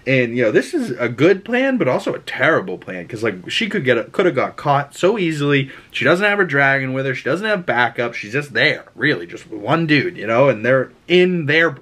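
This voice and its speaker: A man's voice: medium pitch, big pitch swings, moderate pace, few pauses, fairly bright tone. A man with a Boston accent hosting a casual TV episode recap, rambling and enthusiastic, with lots of filler words and mild swearing. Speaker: TV recap host.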